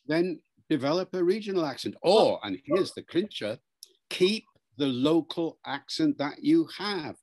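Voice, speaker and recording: Man explaining with lively, teacherly delivery. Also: on the high side. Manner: lively storytelling, acts out quoted speakers; measured, lecturing delivery. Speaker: linguistics professor, guest. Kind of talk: explanatory interview answers.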